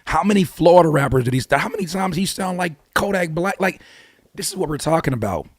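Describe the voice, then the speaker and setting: A man hosting his own channel, giving blunt, animated hip-hop commentary full of rhetorical questions and casual swearing. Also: a little high, fast, no echo, studio quality. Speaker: YouTube host and rapper. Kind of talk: opinionated music commentary.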